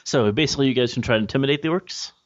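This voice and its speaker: A man's voice: medium pitch, racing, no room sound. A man narrating a tabletop game as game master, describing scenes casually with many fillers. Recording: dull lo-fi dry recording.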